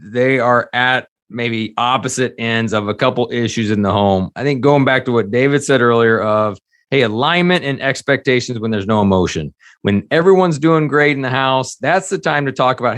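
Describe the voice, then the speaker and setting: A man's voice: medium pitch, lively intonation, normal speed, few pauses, a bit bright. Reflective podcast host, a man. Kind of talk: casual podcast conversation.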